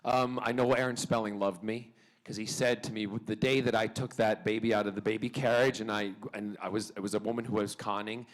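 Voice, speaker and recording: A man with a North American accent speaks in a fairly low voice, answering fans from a convention panel. He tells stories with playful energy and cheeky humor. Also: brisk, few pauses, rough recording. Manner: playful, joking, animated storyteller, cheeky asides. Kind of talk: fan Q&A answers.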